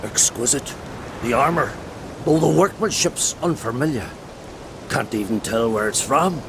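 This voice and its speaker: A man's voice: mid-range voice, expressive, unhurried, noisy background. An actor voicing a learned old male druid who speaks in a formal, old-fashioned way, with heavy rain in the background. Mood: earnest. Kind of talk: video game dialogue. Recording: game audio with loud rain.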